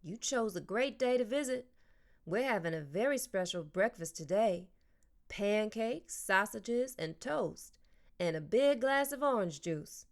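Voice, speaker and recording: A woman's voice: medium pitch, animated, unhurried, voice pushed up. A woman reading an audiobook, voicing a caring, motherly woman who fusses over a child and scolds her father. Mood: tender. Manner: warm, scolding. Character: motherly middle-aged woman, caring, fussy.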